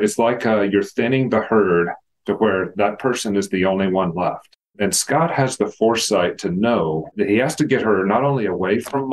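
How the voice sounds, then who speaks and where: A man's voice: sits low, rough recording. A man, a retired FBI agent, recounting a criminal case in storytelling fashion on a podcast, acting out the quoted dialogue.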